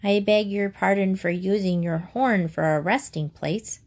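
A tiny gnat full of its own importance, apologizing far too politely, read by a woman in a storybook. The voice sits at a middle pitch and stays close to her usual reading voice. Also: unhurried, a little mellow, lightly acted. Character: small polite fussy gnat.

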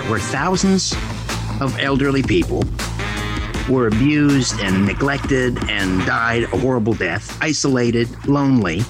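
A man hosting a talk radio show, delivering an opinionated, sarcastic and indignant monologue. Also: mid-range voice. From Canada. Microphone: studio microphone.

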